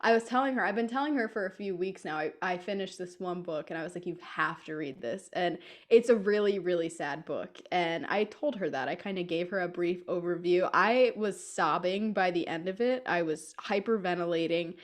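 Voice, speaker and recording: A woman's voice: fairly low pitch, normal speed, hardly any pauses. A young woman co-hosting a podcast from home, chatting casually and laughing often as she tells stories. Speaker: podcast co-host. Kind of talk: casual chat. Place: home room with a cat.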